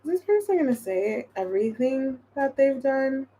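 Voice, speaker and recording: Chatty woman tarot reader, higher-pitched, rambling casual delivery. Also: sing-song, moderate pace, mellow. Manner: chatty, thinks aloud, many restarts and fillers. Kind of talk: casual tarot reading to viewers.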